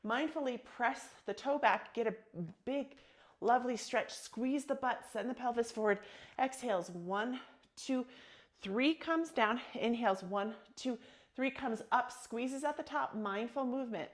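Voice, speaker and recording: A woman's voice: on the high side, measured pace. Encouraging woman guiding a yoga class. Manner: soothing, encouraging, calls out breath cues. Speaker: yoga instructor. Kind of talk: guided yoga class cues.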